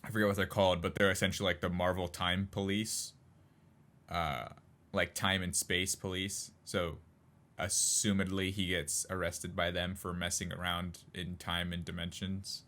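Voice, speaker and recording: A man's voice: deep voice, flat delivery, moderate pace, bright, forceful tone. A man co-hosting a casual podcast chat, rambling with lots of fillers and frequent laughs. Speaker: podcast co-host.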